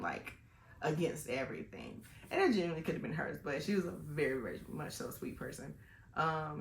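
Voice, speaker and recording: A woman talks to her vlog audience in a loose, rambling way, with plenty of "um"s and restarts. Her voice has a rough, gravelly edge, and the room around her echoes noticeably. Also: low voice, slight background noise. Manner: chatty and rambling, with many fillers and restarts. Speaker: vlogger. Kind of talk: personal storytelling vlog.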